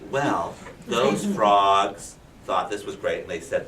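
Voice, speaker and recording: Animated male kindergarten teacher telling a story. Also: lowish voice, unhurried, hardly any pauses, a little hiss or hum. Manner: animated, questioning, prompting children. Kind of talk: read-aloud storytelling to young children. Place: classroom. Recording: roomy classroom from a distance.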